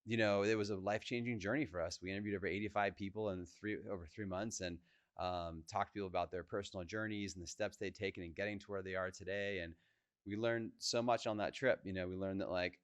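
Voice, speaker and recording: Male co-founder, relaxed storytelling talk, lower voice, dry room. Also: fast talker, smooth, no echo, dull audio. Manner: casual, chatty, lots of "like" and "you know". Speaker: co-founder giving a presentation.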